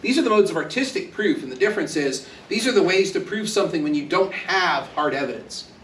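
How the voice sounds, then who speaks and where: Guy lecturing a class, kinda high voice, jokey, recorded far off in a roomy hall with faint hum. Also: animated, a little fast, a bit bright. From Texas. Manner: conversational, joking, acts out quoted voices. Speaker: university lecturer. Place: university classroom. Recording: echoey classroom, speaker far from mic.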